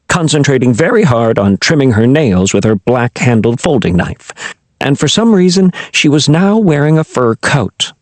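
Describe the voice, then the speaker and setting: A man reading a children's fantasy audiobook in an expressive storytelling manner. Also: mid-range voice, dry recording. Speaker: audiobook narrator. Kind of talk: scripted narration.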